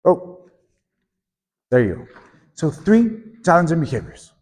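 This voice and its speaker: A man's voice: fairly high pitch, slow, pauses often. Man leading a teacher workshop. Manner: lively, prompts the audience to repeat and join in. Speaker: teacher trainer. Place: conference room at a teachers' meeting. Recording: echoey conference hall.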